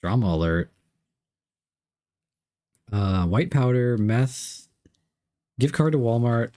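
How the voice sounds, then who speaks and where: A man's voice: medium pitch, lively intonation, takes it slowly, dark tone. A young man streaming live, reading chat messages aloud and unboxing gifts, playful and repeating himself.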